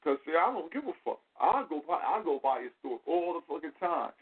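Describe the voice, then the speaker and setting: Animated man on a tinny line. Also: a little high, a little fast, slightly rough. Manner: animated, profane, acts out quotes in a raised voice. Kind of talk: casual storytelling talk. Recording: phone-like line with faint noise.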